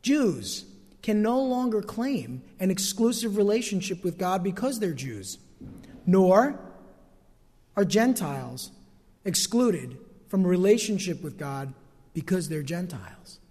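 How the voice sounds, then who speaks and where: A mellow, high-pitched preacher with big pitch swings keeps a measured pace in his sermon. Standing at the pulpit of a church sanctuary, he emphatically stretches key phrases and asks for amens, recorded with long hall reverb.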